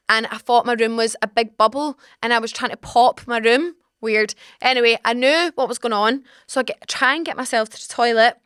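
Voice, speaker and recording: A young woman in her twenties with a Scottish accent, hosting a podcast and telling a frank, animated story in casual chat. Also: on the high side, clean tone, dry recording, studio quality. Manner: animated, dramatic, swearing, frank. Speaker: podcast host. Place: small podcast studio. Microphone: studio mic.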